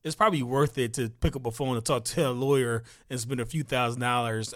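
A man hosting an interview podcast in a casual, encouraging way, with quick affirmations. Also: mid-range voice, steady tone. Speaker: podcast host. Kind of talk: interview host, casual chat.

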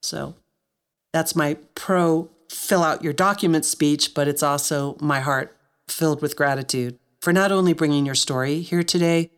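A woman's voice: low-pitched, normal speed, smooth. A woman hosting a podcast, speaking earnestly to her guest and listeners, choked up with emotion. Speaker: podcast host. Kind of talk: heartfelt interview chat.

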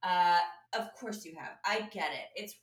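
A woman's voice: fairly low pitch, a little slow, far from the mic. A woman telling a story in casual chat and acting out the people in it. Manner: animated storyteller, acts out quoted people. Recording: echoey room, a bit off-mic.

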